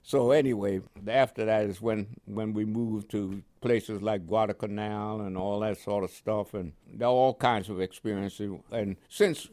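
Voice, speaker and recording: An older man recounting his wartime service in a relaxed, rambling interview, laughing now and then. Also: on the low side, unhurried, hardly any pauses, no room sound. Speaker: veteran guest. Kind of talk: oral history interview.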